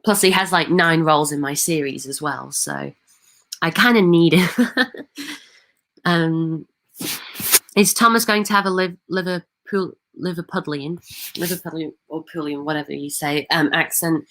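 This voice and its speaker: A woman, chatting on a livestream. Her voice sits on the low side, and she works through viewer comments hesitantly, with plenty of ums and restarts. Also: steady tone, unhurried, fairly bright tone. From Manchester, England. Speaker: livestream host. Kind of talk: casual livestream chat, reading viewer comments.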